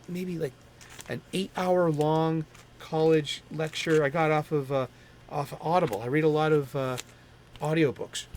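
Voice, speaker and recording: A middle-aged man hosting a comics talk stream, chatting in a rambling, enthusiastic way that often stops to correct itself. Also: fairly high pitch. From Boston area. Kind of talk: casual rambling chat.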